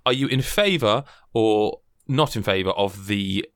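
A man's voice: on the low side, a little slow, clean tone, dry recording, studio quality. Guy hosting a podcast, chatty and laughing, cuts himself off a lot. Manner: animated, laughing, self-interrupting. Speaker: podcast host. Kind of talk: casual podcast chat.

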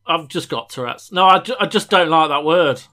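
A young English man co-hosting a podcast, excitable and chatty with frequent stammering restarts. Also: on the high side, brisk. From England. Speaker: podcast co-host. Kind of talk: casual podcast chat.

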